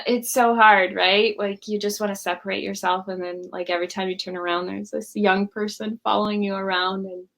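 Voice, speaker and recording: A woman's voice: medium pitch, a bit bright. Woman answering parents' questions. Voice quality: friendly, conversational, explains with example phrases. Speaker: parenting coach. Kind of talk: live parent Q&A. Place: at home.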